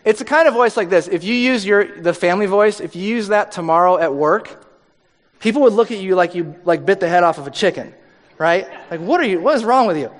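Male pastor, 30s, conversational preacher who slips into acted quotes; high voice, long hall reverb. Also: a little fast. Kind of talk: sermon.

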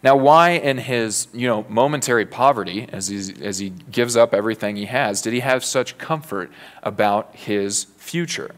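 Male preacher, lowish voice, earnest conversational sermon, casual fillers. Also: normal speed. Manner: earnest, conversational, frequent "you know" fillers.

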